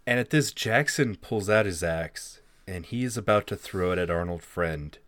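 A man runs a tabletop horror game, narrating at an unhurried pace. His low voice swings lively in pitch. The sound is dry and close. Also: dry recording. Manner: animated storyteller, laughs while narrating. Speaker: game master.

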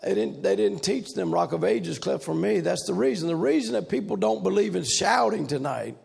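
A man preaching a revival sermon, his voice sitting unusually high and heavily gravelly. He swings into loud shouted runs with a driving preaching cadence. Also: animated, moderate pace.

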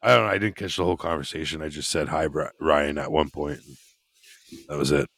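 Deep-voiced man, teasing podcast banter. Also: steady tone, brisk, gravelly, a bit bright, dry recording. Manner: teasing, prone to laughing fits. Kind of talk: casual chat.

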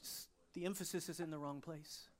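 A woman preaching a sermon as pastor, swinging from soaring proclamation to hushed, intimate prayer at a church service. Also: deep voice, fairly even intonation, fairly quick.

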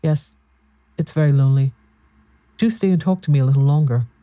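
A man's voice: a little high, brisk, mellow, no room sound, natural voice. A man voicing a lonely, cunning old woman ghost with a quavering, whistling voice and a wistful, wheedling way of talking.

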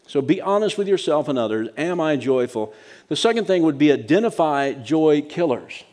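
A man's voice: medium pitch, darkish tone. A middle-aged man preaching a sermon as pastor, talking in a conversational, practical way and checking in with "right?" asides.

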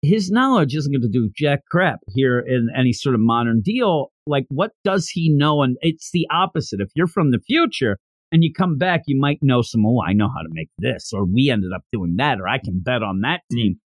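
Reviewing an anime on his podcast, a man chats casually and sarcastically, acting out the characters' lines in exaggerated voices. His medium-pitched voice swings widely in pitch at a normal speed, and the recording has no echo.

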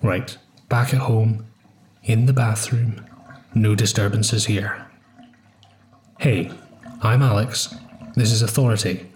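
A man playing a sarcastic, slow-talking frustrated podcaster. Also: medium pitch, a little hiss or hum, close to an everyday voice. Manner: exasperated, sarcastic, deadpan asides. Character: frustrated young male podcaster. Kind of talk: comedy sketch acting.

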